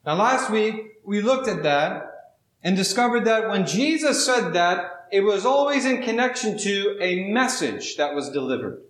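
A man preaching a sermon, reading scripture and then telling a story in a measured, drawn-out way with dramatic pauses. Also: high-pitched, lively intonation, a bit bright, roomy sound, low-quality recording. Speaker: pastor.

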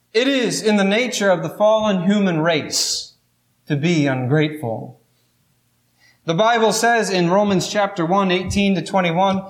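High-voiced preacher in a roomy echo. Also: male voice. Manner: storytelling, rising in pitch and emphasis as he builds. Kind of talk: sermon.

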